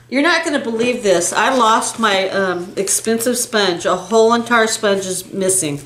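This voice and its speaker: A woman's voice: a little high, moderate pace, hardly any pauses. An older woman co-hosting a beauty channel, chatting casually and gasping with delight as she unboxes makeup gifts. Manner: gushing, gasping with excitement, chatty. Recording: echoey room with faint hiss.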